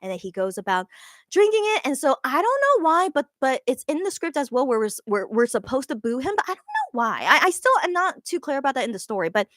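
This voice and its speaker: A woman's voice: high voice, big pitch swings, fast, fairly bright tone, no room sound, clean studio sound. A woman casually recapping a live show she saw, gushing and rambling with lots of fillers and restarts.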